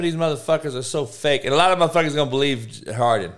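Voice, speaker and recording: A man hosting a podcast, ranting casually with heavy swearing, rambling tangents and loud bursts of disbelief. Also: mid-range voice, expressive, fast talker, few pauses. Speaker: podcast host. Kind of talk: casual sports podcast rant.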